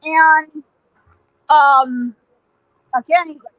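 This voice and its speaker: High bright animated woman storyteller. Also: slow, no echo, dull audio. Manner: lively, laughing, acts out voices in her story. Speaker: podcast guest, psychic.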